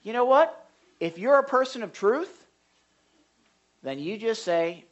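A man, a pastor, giving a conversational sermon to a live congregation in an animated way, with big jumps in pitch and loudness. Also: a little slow, long pauses, muffled recording. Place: church service before a live congregation.

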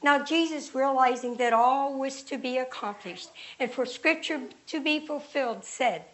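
A woman reading scripture aloud in a slow, measured, deliberate way. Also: high voice, rough recording. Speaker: reader.

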